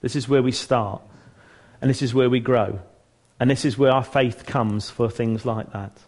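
A man's voice: mid-range voice, fairly even intonation, normal speed, a little mellow. A man giving an informal church teaching talk, earnest and chatty, restarting phrases and joking at his own expense. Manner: chatty and earnest, with frequent restarts and self-mocking humour.

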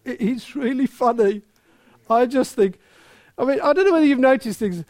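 High-voiced, animated preacher man. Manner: animated, emphatic, swings loud and slow on key points. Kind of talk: sermon.

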